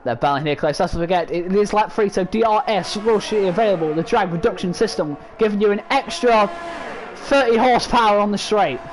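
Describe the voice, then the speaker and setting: A young British man commentating an online racing league, excitable and exclaiming over crashes. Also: high-pitched, a little fast, low-quality recording. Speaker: race commentator.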